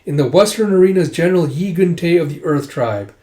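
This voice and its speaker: A loud tournament announcer proclaims each fighter in a raised, higher voice, as a man reads him out. The delivery is bold and public-facing. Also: animated, fairly quick, lightly acted. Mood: announcing.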